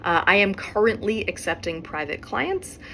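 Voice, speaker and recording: A woman hosting a podcast, talking through relationship advice in a relaxed, conversational way and often checking in with "right?". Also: medium pitch, moderate pace, a little hiss or hum. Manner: conversational, frequent "right?" tag questions. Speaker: podcast host and therapist. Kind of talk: casual advice monologue.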